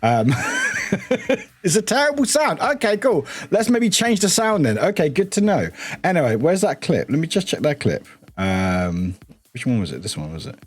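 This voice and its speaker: A man's voice: on the high side, sing-song, normal speed, slightly rough. A young British man chatting casually on a live stream, scattered and swearing, with lots of restarts.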